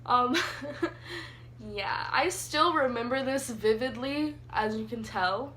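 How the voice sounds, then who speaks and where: Bright, high-voiced young woman vlogger. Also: slow pace, a little hiss or hum. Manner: chatty, animated storytelling with many fillers. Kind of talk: casual storytime vlog. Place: sitting on the floor indoors.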